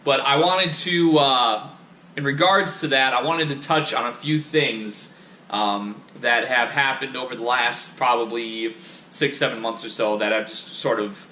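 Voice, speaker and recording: A man's voice: medium pitch, unhurried, bright, forceful tone, slight background noise. Rambling, profane man in an echoey room. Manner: rambling, profane, self-critical. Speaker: vlogger. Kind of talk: casual rambling monologue.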